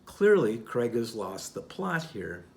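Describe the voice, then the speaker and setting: A man hosting the channel, reading a scripted rebuttal in a deliberate, didactic way. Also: medium pitch, big pitch swings, gravelly, darkish tone. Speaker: channel host.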